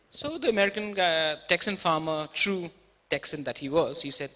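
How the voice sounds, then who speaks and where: A man in his thirties delivers an emphatic stage talk full of rhetorical questions. His voice is high and sharp, and a long reverb from the auditorium trails every phrase. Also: animated, moderate pace. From India. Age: 30s. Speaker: speaker. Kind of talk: TEDx talk.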